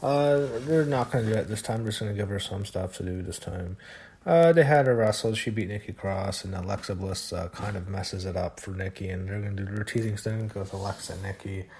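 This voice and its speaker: A man talks through a wrestling show in a loose, unscripted recap, his voice sitting on the low side. He is blunt and profane, waving off segments he finds boring, and his sentences stall on fillers and restarts. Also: fairly quick, a little mellow, a little hiss or hum. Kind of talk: casual recap monologue.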